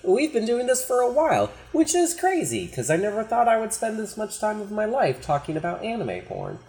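A woman's voice: mid-range voice, huge pitch swings, a little fast, mellow. A woman co-hosting a podcast in casual chat, making dry, wry remarks. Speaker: podcast co-host.

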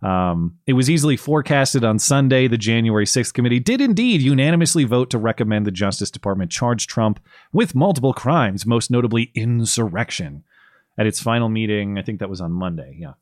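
A man's voice: mid-range voice, lively intonation, brisk, no room sound, studio quality. A man co-hosting a political commentary podcast, talking casually with sarcastic, wry asides. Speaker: podcast co-host.

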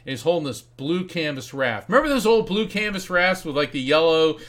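Animated man telling a story. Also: fairly high pitch, normal speed. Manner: lively, acts out quoted voices, laughs while telling. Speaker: guest author and psychic medium.

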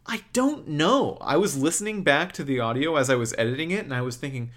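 A man hosting a podcast in casual chat, a bit stuttery and quick to laugh. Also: mid-range voice, animated, a bit bright. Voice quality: praised radio voice. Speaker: podcast host.

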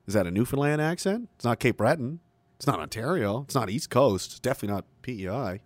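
A middle-aged man from Canada launches into a combative, profane rant. His tone is mocking and defiant. His voice sits at an ordinary pitch and sounds dry and close, with no room echo. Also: expressive, quick pace. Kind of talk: ranting monologue.

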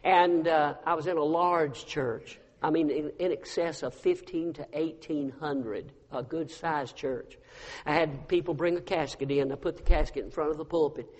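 A man preaching a sermon and telling stories, swinging from hushed to loud. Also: a little high, steady tone, moderate pace. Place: church sanctuary. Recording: long reverb of a large hall.

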